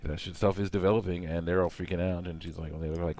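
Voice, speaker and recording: A man with a very low, gravelly voice rambles on in a loose, casual monologue while busy with some hands-on task. He fills his talk with soft hums and "you know"s, and he acts out what he would say in little quotes. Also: steady tone, quick pace, hardly any pauses.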